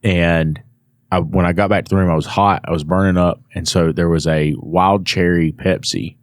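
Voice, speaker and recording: Casting: low-voiced man, podcast guest, lively storyteller, dry close mic. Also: normal speed, no room sound. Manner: animated storyteller acting out quotes. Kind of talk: casual storytelling.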